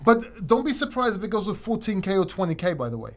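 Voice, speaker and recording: A higher-pitched man hosts a casual livestream Q&A, rambling loosely from one point to the next. He often restarts his sentences and doubles back mid-thought. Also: very animated, quick pace. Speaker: crypto channel host.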